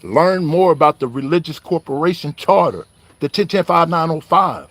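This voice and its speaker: A man's voice: a little high, expressive, moderate pace, fairly bright tone. A man giving a heated, preachy online call-out, riled up and confrontational, wired on coffee. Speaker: online religious commentator.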